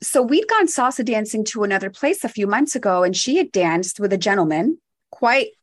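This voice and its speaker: A woman co-hosting a podcast, telling a lively story in casual chat and laughing often. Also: mid-range voice, brisk. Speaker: podcast co-host.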